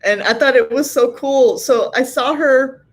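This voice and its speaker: A woman's voice: high voice, a little slow. A middle-aged woman hosts a casual livestream from home and reads viewer comments aloud. She sounds tired but stays chatty, laughs often and fills her talk with "like" and "you know". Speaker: livestream host. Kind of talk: casual live chat reading viewer comments.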